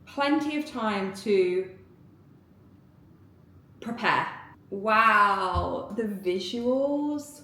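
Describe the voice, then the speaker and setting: Excitable giggly woman vlogging. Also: medium pitch, extremely slow, pauses often. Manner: excitable, giggly, rambling with many "like"s. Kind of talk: casual vlog chat to camera. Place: indoors at home, getting ready. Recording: echoey room.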